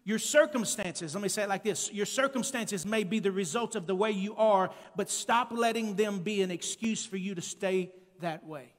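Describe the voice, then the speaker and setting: A male preacher delivering an emphatic sermon, calling out to the congregation and building up to shouted peaks. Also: high voice, normal speed, few pauses. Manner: calls to the congregation. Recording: long church-hall reverb.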